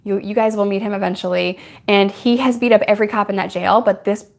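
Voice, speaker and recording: A woman's voice: medium pitch, fairly even intonation, fast, gravelly. A young woman talking straight to camera, answering questions from her viewers. She is candid and chatty, laughs often, and speaks in an ordinary mid-range voice. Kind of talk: casual Q&A chat.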